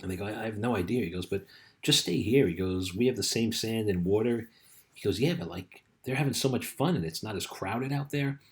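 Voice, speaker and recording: A man in middle age talks like a life coach giving a relaxed pep talk. His voice sits fairly low, and he tells a story loosely, full of "you know" and "right?" asides. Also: fairly quick. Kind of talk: casual motivational talk.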